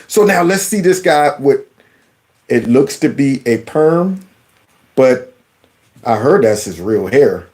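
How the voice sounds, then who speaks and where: Animated man mocking news clips. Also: mid-range voice, slow, pauses often. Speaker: commentary channel host. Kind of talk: reaction commentary on news clips.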